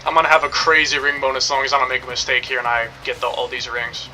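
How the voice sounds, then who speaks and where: A man's voice: mid-range voice, completely flat delivery, fast talker, sharp tone, faint music behind, poor audio. A young man streaming a game, rambling and joking in casual commentary, swearing now and then.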